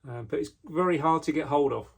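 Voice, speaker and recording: A man casually showing the knives he makes, talking in a relaxed way with frequent ums and restarts, indoors in his workshop. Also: on the high side, fairly quick, gravelly. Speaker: knife maker. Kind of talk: casual product walkthrough.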